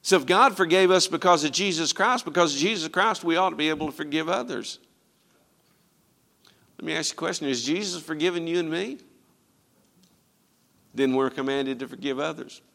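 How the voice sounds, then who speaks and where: A man's voice: a little high, normal speed, creaky, long pauses, sharp tone. A man preaching a sermon emphatically, calling out to his congregation for responses. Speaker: pastor.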